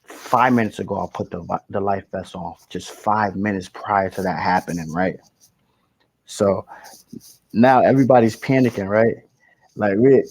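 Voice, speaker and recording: A man's voice: fairly low pitch, a little slow, long pauses, breathy edge, no echo, low-quality recording. A young man, casually telling a slangy, rambling story and correcting himself as he goes. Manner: rambling, slangy, animated retelling with self-corrections.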